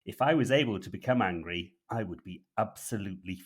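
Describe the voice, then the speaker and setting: A man voicing a calm, emotionless male government operative in a comic podcast sketch. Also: on the low side, a little fast, slightly rough. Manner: calm, flat, controlled.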